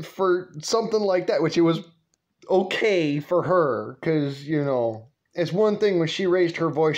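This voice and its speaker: A man's voice: mid-range voice, vocal fry, a little mellow, dull audio. A man telling a family story in a casual vlog, rambling, swearing freely and laughing often.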